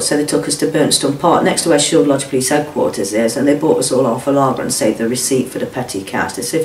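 A woman's voice: rumbling low, a little mellow, a little hiss or hum. A middle-aged woman giving a blunt, emotional first-hand account, swearing freely and acting out what others said. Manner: blunt, swears, acts out quoted speech. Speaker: whistleblower guest. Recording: echoey room, distant mic.

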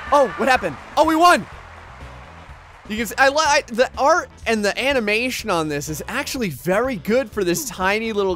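High, bright, excitable gaming commentator man. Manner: excitable, shouts and laughs at the action. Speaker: gaming channel host.

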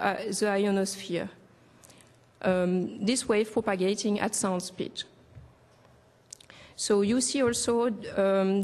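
A woman's voice: a little high, a little mellow, long reverb tail. A woman giving a scientific conference talk, hesitant, with many fillers and restarts. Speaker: conference presenter. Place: large conference room.

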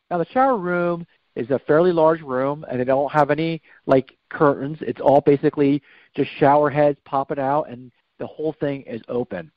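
A man's voice: a little high, no room sound. Man, podcast guest, rambling storyteller, slightly muffled dry recording. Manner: rambling, self-correcting storyteller. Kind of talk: personal storytelling.

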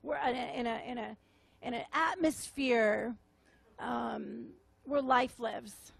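Woman preacher, high voice, unhurried delivery, tearful and halting, close dry sound. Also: creaky, slightly rough, dry recording. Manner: tearful, halting, repeats words, gentle. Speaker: prophetic minister. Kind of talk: emotional sermon testimony. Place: meeting room with audience.

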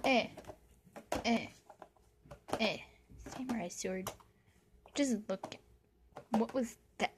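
A woman chatting casually on a vlog, playfully scolding her cat with sudden excited squeals. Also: a little high, very slow, pauses often. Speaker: vlogger filming her cat. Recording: faint background noise.

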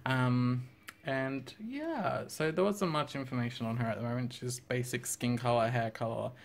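A man's voice: moderate pace, creaky. A young man co-hosting an art channel, chatting casually and laughing often. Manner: giggly, drops into squeaky mock voices. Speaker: artist and channel co-host. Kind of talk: casual chat over a drawing video.

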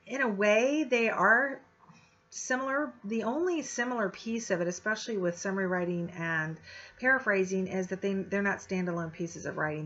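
A woman's voice: mid-range voice, a bit bright. A woman teacher giving an informal, chatty lecture with many fillers and restarts. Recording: slightly dull lo-fi audio.

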